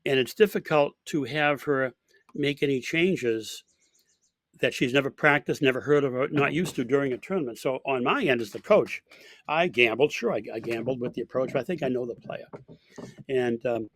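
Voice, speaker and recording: A man's voice: medium pitch, moderate pace, a bit bright, no room sound. A man who coaches college golf, telling an anecdote in an interview with many fillers and restarts. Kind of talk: storytelling in an interview.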